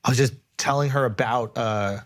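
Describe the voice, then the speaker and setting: A man in his thirties, a podcast host, telling a story in casual, animated talk and swearing freely. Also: medium pitch, normal speed.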